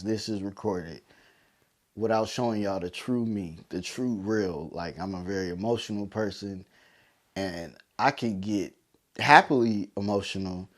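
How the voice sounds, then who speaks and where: Man, podcast host, fairly low voice, tearful, heartfelt monologue, repeating lines like a sermon. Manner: emotional, preacher-like repetition. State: teary, overcome with emotion.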